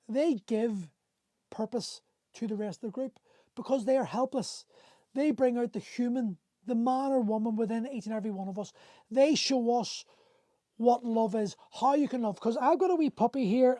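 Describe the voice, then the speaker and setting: An earnest man in his forties hosts a men's coaching livestream, giving an impassioned motivational talk to live viewers and answering their comments. His very high-pitched voice has a dark tone, he rambles with many restarts, and the phone or webcam audio has no room sound.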